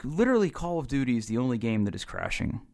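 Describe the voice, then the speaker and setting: A man's voice: mid-range voice, sing-song, fast, creaky, darkish tone. A man co-hosting a podcast in casual chat, rambling and frustrated, with many restarts. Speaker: podcast co-host.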